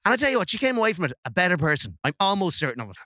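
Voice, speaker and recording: A man's voice: sits high, very animated, very fast, pushed and bright, no echo, clean studio sound. A man playing a pompous, mock-snobbish comedy panel guest. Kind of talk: comic banter.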